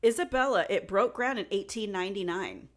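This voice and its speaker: A woman's voice: mid-range voice, animated, fairly quick. A woman co-hosting a podcast, telling the story in a casual, chatty way, laughing and restarting her sentences. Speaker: podcast co-host presenting the story.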